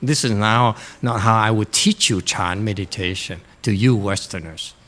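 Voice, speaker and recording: A man teaching Chan meditation to students in a Dharma lecture, blunt and direct, often pausing to check in. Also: fairly low pitch, a bit bright. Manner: blunt, frequently checks in with "Okay?".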